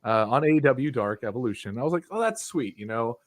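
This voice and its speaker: A man's voice: mid-range voice, quick pace. A young man telling a long, profane, rambling wrestling story as a podcast guest. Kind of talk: casual chat.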